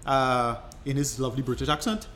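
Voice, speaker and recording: A podcast co-host explains things at length in casual chat, rambling and restarting his sentences. His mid-range voice is steady, brisk and fairly bright, with a little hiss or hum.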